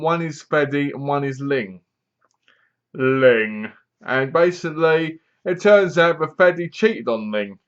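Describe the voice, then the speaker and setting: A man's voice: fairly high pitch, a bit bright, lo-fi sound. A man casually reviewing a movie, rambling along, leaning on "basically" and correcting himself as he goes. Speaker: film reviewer.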